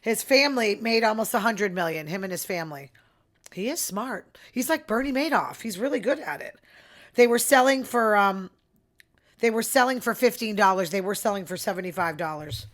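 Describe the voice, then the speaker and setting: A woman's voice: mid-range voice, lively intonation, a little fast, a bit bright. A woman hosting her own podcast, talking alone in a chatty, opinionated way and dropping into murmured asides. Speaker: podcast host. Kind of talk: casual solo podcast chat.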